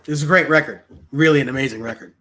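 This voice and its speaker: A man's voice: medium pitch, quick pace, a bit bright, slight background noise. A man hosting a casual interview, speaking enthusiastically.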